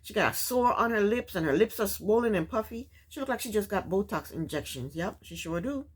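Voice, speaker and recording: A woman hosting a casual reality TV recap, chatty and opinionated, often questioning the cast out loud. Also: mid-range voice, lively intonation, fairly quick, slightly rough. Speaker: recap host.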